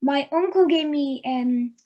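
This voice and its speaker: A woman's voice: high-pitched, a little slow, highs cut off. A woman hosting a casual interview, chatty and giggly, with lots of ums and likes. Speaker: interviewer and host.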